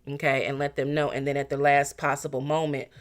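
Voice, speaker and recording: A tarot reader giving a casual reading straight to the viewer, blunt and animated, now and then slipping into mocking voices for quotes. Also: mid-range voice, brisk.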